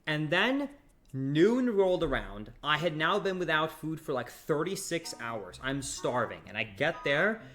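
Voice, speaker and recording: A young man streaming, telling a long story to his chat in a casual, animated way, acting out the other people. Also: on the high side, unhurried. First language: not English. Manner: animated, quotes others in acted voices.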